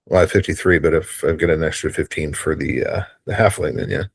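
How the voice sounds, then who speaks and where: A man's voice: a bass voice, fast talker, vocal fry, slightly rough, dry recording. A man playing in a tabletop game, joking in a playful way. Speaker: player.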